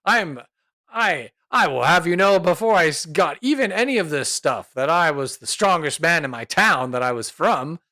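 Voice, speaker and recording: A man's voice: sits high, sing-song, moderate pace, few pauses, sharp tone, dry recording, pitched above the performer's own voice, full character voice. A man doing a pompous boastful fighter. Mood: offended boastful. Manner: pompous, blustering. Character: boastful rich human fighter, pompous and showy.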